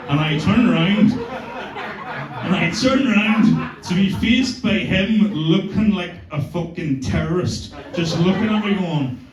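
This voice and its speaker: Northern Irish stand-up, 30s, self-mocking and sweary, slightly high voice, roomy club sound from a distance. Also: male voice, lively intonation, takes it slowly, muffled recording, crowd noise. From Northern Ireland. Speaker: stand-up comedian. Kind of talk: stand-up comedy set. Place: comedy club stage.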